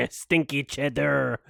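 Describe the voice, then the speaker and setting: A man's voice: mid-range voice, creaky, fairly bright tone, dry recording, clean studio sound. A man giving casual, sarcastic commentary while watching a film live, swearing often. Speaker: host reacting to a film.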